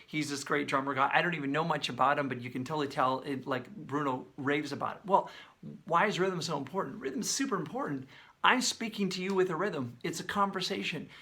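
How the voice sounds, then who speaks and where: A man breaking down a song's lyrics in casual, animated video commentary, sometimes singing and beatboxing snippets. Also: a little high, brisk. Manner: animated, talks with his hands, sings and beatboxes snippets; conversational, many fillers. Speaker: songwriter breaking down a song.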